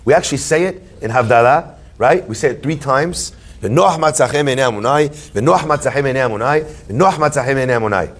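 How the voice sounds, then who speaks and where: A man, a rabbi, giving a Torah class to a live audience, animated and joking, telling stories and asking questions. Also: mid-range voice, brisk. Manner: animated, joking storyteller who asks questions.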